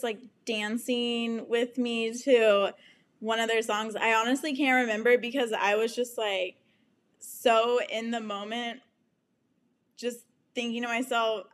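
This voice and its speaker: Young woman host, unhurried and slightly high, candid profane storytelling with laughs. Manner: frank and profane, laughing often, with animated quoted asides. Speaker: podcast host.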